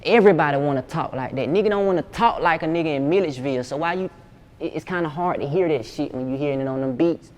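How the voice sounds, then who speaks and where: A man's voice: a little high, fast. A young man from Georgia, a music producer talking casually and profanely in an interview. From Georgia, USA. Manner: laid-back, slangy, profane.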